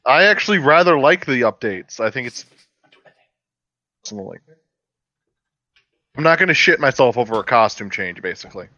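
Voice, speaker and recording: A man earnestly lays out his reasoning in a casual chat over a film. His voice is bright and his pitch moves a lot. The recording is dry and slightly dull, like a lo-fi mic. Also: animated, normal speed, long pauses, no echo. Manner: earnest, explains at length. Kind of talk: casual film commentary and argument.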